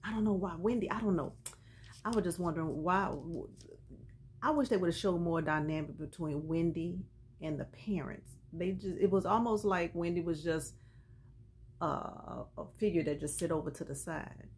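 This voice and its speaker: A woman casually recapping a TV episode in an animated, chatty storytelling way, full of colloquial asides. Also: lowish voice, normal speed, a little hiss or hum.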